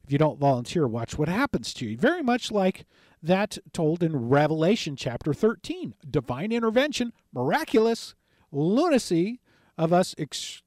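A man's voice: fairly high pitch, big pitch swings, normal speed, a little mellow, no echo, clean studio sound. A male radio call-in host telling a long story in a rambling way, acting out past conversations and often correcting himself. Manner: retells conversations, frequent self-corrections.

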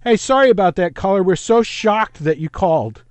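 A man's voice: high-pitched, expressive, normal speed, dry recording. A man from East Los Angeles hosting a call-in talk radio show, rambling and jumping between topics.

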